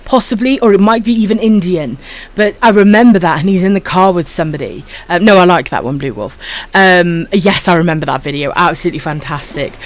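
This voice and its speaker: A woman from Wales with a husky voice and a dry throat, chatting casually to viewers while streaming a game and calling them her darlings. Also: on the low side, brisk. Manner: affectionate, calls viewers my darlings.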